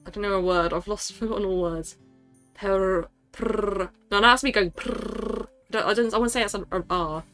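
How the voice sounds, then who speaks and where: A woman's voice: medium pitch, brisk, a bit bright, soft background music. Scattered, laughing woman streamer. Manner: scattered, self-interrupting, laughs often. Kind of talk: casual livestream chat.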